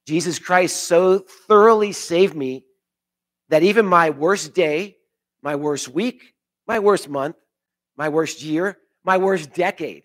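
An earnest pastor delivering a sermon in a slightly higher-than-usual male voice. He swells on key phrases, then sinks to quiet, weighty emphasis. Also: slow pace.

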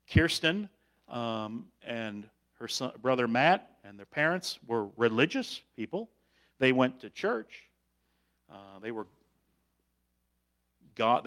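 A middle-aged man preaching a sermon, slow and emphatic, often pausing on fillers and restarting phrases. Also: mid-range voice, a bit bright. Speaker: pastor.

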